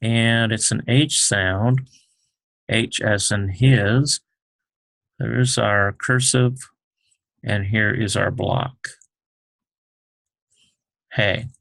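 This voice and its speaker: A man teaching the Hebrew alphabet, talking slowly with many fillers as he writes out each letter. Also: on the low side, steady tone, vocal fry, fairly bright tone, no echo. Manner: slow, halting, many fillers, explains while writing. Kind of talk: unscripted alphabet lesson.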